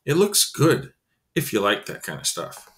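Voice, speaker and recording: A man's voice: fairly low pitch, wildly swooping pitch, normal speed, a bit bright. A man voicing a chatty, friendly young boy who talks eagerly.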